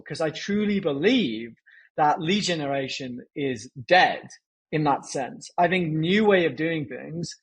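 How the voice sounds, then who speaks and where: A man's voice: on the high side, breathy edge, low-quality recording. A man as a podcast guest and founder, chatting casually and energetically, with a lot of "like" fillers. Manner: energetic, filler-heavy with frequent "like". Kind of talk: casual interview talk.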